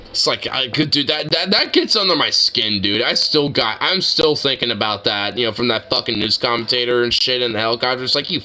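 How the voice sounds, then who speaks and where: A man's voice: medium pitch, moderate pace, bright, forceful tone, rough recording. A man reacting to a video with casual, profane, exasperated commentary full of fillers.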